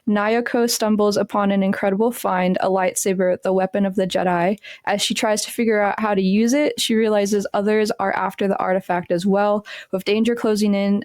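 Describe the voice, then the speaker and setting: A woman guesting on a podcast, reading a book description aloud at a steady pace with brief casual asides. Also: medium pitch, dry recording, studio quality.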